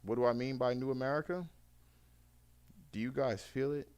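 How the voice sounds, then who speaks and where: A man's voice: mid-range voice, steady tone, moderate pace, darkish tone, clean tone, lo-fi sound. Laid-back man hosting a podcast. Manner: laughing, swearing banter. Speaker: podcast host. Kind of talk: casual podcast chat.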